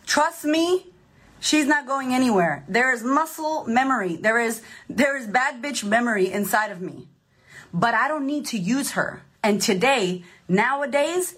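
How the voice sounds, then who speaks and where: A woman life coach giving a casual motivational monologue, emphatic and profane, with animated delivery. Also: fairly high pitch, slightly rough.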